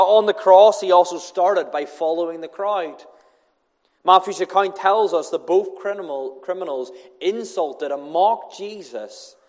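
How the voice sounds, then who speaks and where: An earnest man preaching an evangelistic sermon in a church, hammering home points by repeating them. His voice sits a little high for a man and carries a long hall reverb. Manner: earnest, emphatic, with repetition.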